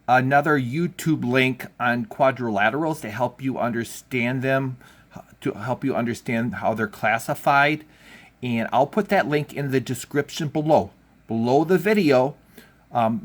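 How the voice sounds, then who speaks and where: In a home learning video lesson, a man with a medium-pitched voice talks children through the work, casual and encouraging as he thinks out loud.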